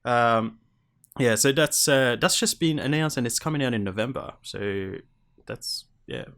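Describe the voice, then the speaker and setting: A man co-hosting a gaming podcast, easygoing and quick to laugh as he moves through news topics. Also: mid-range voice, a bit bright. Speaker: podcast co-host. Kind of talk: casual chat.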